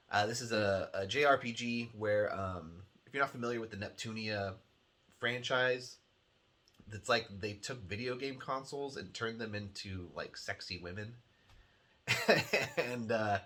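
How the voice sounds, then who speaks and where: A man's voice: on the low side, sharp tone. A man hosting a weekly video game release show, chatting casually in a sardonic way, swearing freely and laughing often. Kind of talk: casual rambling commentary.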